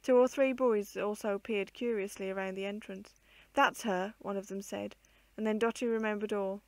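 A woman reading an old children's book aloud in a measured, expressive way. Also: medium pitch, no echo. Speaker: storyteller.

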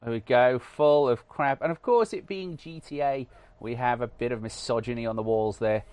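A man's voice: medium pitch, normal speed, a little mellow, smooth, dry recording. A British man from the UK giving casual, wry commentary over a video game, self-deprecating and full of "uh" fillers. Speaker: gaming channel host.

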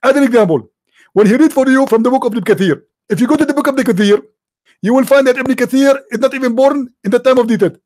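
Speaking extremely high and fast, this online religious commentator has a slightly mellow voice and an Arabic accent, English not being his first language. He mocks what he reads off a screen with sarcasm and disbelief, even imitating sneezes. The recording is dry and studio-clean.

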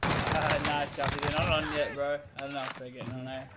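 A man's voice: fairly high pitch, level tone, a little fast, very noisy. A man streaming a shooter game, joking about himself in laid-back casual chat. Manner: laid-back, self-deprecating banter. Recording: music playing behind.

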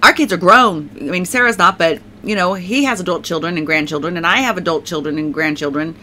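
Bright-voiced middle-aged woman rambling emotionally. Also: on the low side, brisk, a little hiss or hum. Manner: rambling, emotional, many restarts and fillers. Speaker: testimony speaker. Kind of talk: personal faith testimony.

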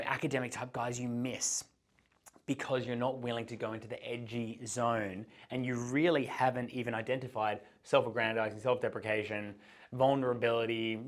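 A man giving an instructional talk as a dating coach, explaining step by step and changing his pace and pitch to act out examples.

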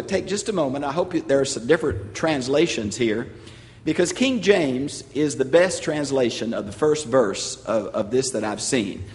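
An older man with a Southern US accent teaching a sermon to a congregation, explaining with emphasis and slowing on key phrases. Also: fairly high pitch. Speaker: pastor and Bible teacher. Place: large church sanctuary. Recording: long hall reverb.

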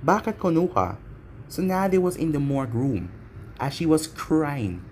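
A man's voice: a little high, sing-song, unhurried, a little mellow, slight background noise. A man narrating a fan fiction audio story in a plain storytelling way.

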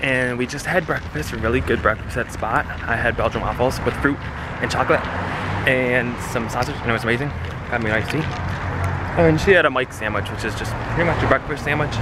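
A man's voice: medium pitch, fairly quick. Young male vlogger, jokey and chatty, recorded outside with street noise. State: a bit out of breath at times. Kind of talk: casual vlog chat. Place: outdoors on a hike and on city streets. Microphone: handheld camera. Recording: outdoor street noise and traffic.

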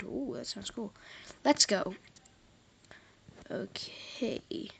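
Girl gaming and reacting loud, kinda high voice, talks slow, dry close mic. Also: dry recording, highs cut off. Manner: excitable, bursts into exclamations and laughs. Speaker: gamer. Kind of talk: casual gameplay commentary.

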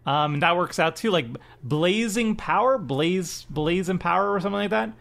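A man co-hosting a casual podcast, talking in an animated way, laughing and acting out quoted voices. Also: high voice, moderate pace, gravelly. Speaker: podcast co-host. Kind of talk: casual chat.

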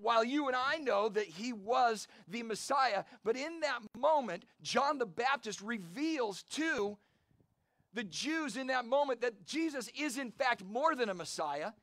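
High-voiced energetic male preacher outdoors. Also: unhurried, dry recording. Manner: energetic storytelling preacher, calls for amens. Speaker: pastor. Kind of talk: sermon. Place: outdoor church service.

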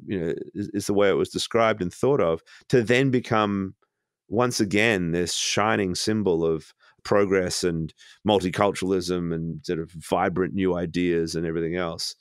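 A man with a low voice talks as a podcast guest, reflective and halting, often starting a phrase over. The sound is dry and close, recorded at home. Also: steady tone, smooth, no room sound. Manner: reflective, halting, many restarts. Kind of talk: casual conversation.

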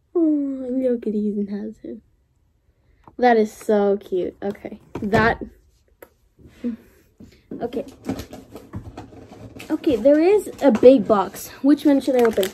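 A young woman vlogging an unboxing, gushing and gasping with excitement as she opens gifts. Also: a little high, slight background noise.

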